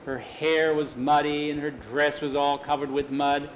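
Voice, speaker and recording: An older man telling a frontier story in an unhurried, folksy way and acting out the dialogue. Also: on the high side, level tone, lo-fi sound, slight background noise. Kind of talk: spoken storytelling.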